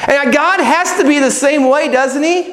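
High-voiced man preaching in a hall. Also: normal speed. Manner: animated, acts out people and God in quoted voices. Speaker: pastor. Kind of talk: sermon. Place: church sanctuary. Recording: echoey hall with long reverb.

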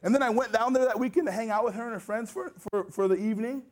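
High-pitched and quick, an American man preaches in a church sanctuary. His sermon starts as a casual personal testimony and grows earnest, ending in urgent exhortation of those listening.

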